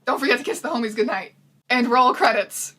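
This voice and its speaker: A woman riffs through a movie recap in sarcastic, incredulous commentary. Her voice sits bright and slightly husky, a bit higher than most, close to the mic. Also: a little fast. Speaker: video host. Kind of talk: comedic commentary.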